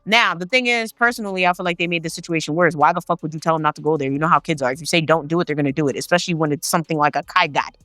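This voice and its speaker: A woman's voice: sits low, very fast, hardly any pauses, a bit bright, dry recording, clean studio sound, soft background music. A woman telling a paranormal story in a casual, chatty way, swearing freely and talking straight to her viewers. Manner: chatty, profane, addresses the viewers directly.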